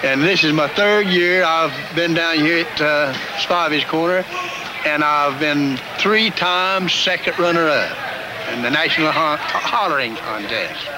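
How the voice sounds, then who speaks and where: A man's voice: a little high, measured pace. A man with a North Carolina accent, introducing himself matter-of-factly and wryly. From Johnson County, North Carolina. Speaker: contest participant. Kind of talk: casual self-introduction. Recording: loud outdoor noise with traffic.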